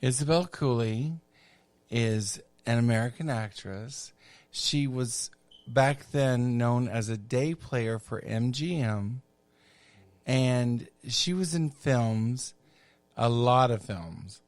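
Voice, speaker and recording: A middle-aged man telling a long personal story on a podcast, campy and chatty with unhurried asides. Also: mid-range voice, darkish tone, no room sound. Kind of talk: casual storytelling.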